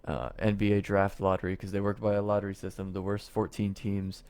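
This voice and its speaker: A man's voice: lowish voice, flat delivery, a little fast, darkish tone, clean tone. Rambling, profane podcast co-host man. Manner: rambling, profane, laughs often. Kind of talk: casual chat.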